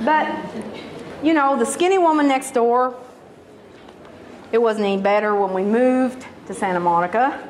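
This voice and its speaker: A woman's voice: on the high side, moderate pace, long pauses, a little hiss or hum, poor audio. A woman performing stand-up comedy, telling stories and putting on exaggerated voices. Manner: animated, exaggerated voices for quotes.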